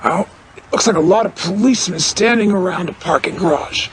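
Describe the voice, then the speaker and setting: A man's voice: high-pitched, fairly quick, fairly bright tone, slight background noise. An actor playing a firm man who urgently holds someone back, with an insistent manner.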